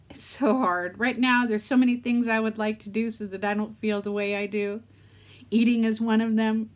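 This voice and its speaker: A middle-aged woman talking candidly to her vlog audience, rambling and talking herself through a hard day while near tears. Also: medium pitch. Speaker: vlogger. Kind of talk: casual vlog talk.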